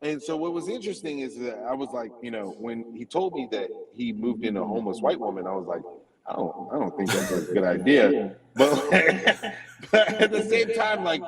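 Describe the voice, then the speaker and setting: A man in casual conversation, telling a funny personal story with lively laughter, heard from a distant phone. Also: medium pitch, fairly quick. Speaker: comedian guest. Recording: distant phone audio with crowd noise. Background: crowd chatter at a cookout.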